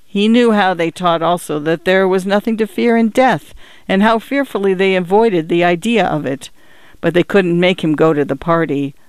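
A man narrating a literary story in a measured, even-toned reading. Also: high-pitched, clean tone, no room sound. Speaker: audiobook narrator.

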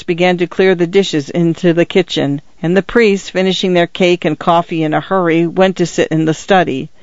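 A man reading a short story aloud in measured, even narration. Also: fairly high pitch, no room sound. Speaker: audiobook reader. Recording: dull lo-fi recording.

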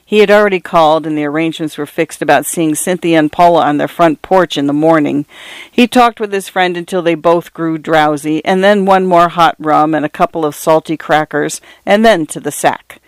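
A narrator giving a measured, expressive reading of a literary story, recorded close. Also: mid-range voice, clean tone, no echo.

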